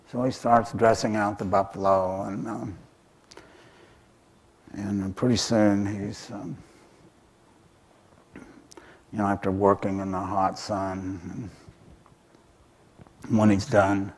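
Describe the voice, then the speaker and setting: A man's voice: fairly low pitch, steady tone, takes it slowly, pauses often, a little mellow. A man telling an animal folk tale in a talk, hesitant and full of fillers. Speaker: author and speaker.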